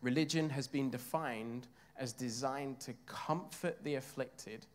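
Male preacher from England, mid-pitched, friendly and interactive, quick questions to the congregation. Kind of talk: sermon.

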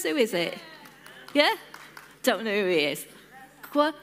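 A woman's voice: mid-range voice, big pitch swings, measured pace, fairly bright tone. A woman from a church lead team giving an informal sermon, chatting and joking with the congregation and asking them questions. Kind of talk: informal sermon with audience interaction. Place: church service.

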